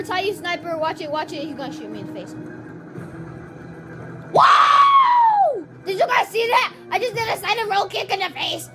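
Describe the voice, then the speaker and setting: A woman giving excited gameplay commentary, yelling loud reactions and trash talk at the game. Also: very high voice.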